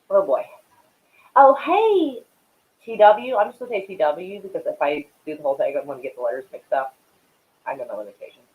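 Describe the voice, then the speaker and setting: Over phone-quality sound, a man with a fairly high voice hosts a casual live stream, rambling and swearing to his viewers while smoking. His talk is full of fillers.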